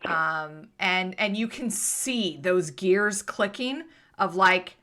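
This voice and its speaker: Woman game master, bright voice, casual tabletop narration, hesitant. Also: fairly low pitch, lively intonation, takes it slowly, hardly any pauses.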